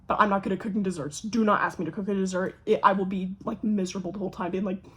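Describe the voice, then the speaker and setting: Young woman vlogger, husky, mid-pitched, animated casual storyteller with plenty of swearing. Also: very fast. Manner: animated, swears a lot, acts out quoted voices.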